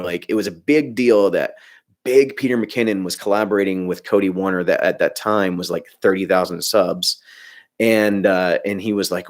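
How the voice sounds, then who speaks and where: Man, livestream host, low and gravelly, loose rambling rants, many restarts. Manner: rambling, animated ranting with frequent restarts; reads out chat comments. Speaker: filmmaking YouTuber hosting a livestream. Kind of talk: casual livestream chat.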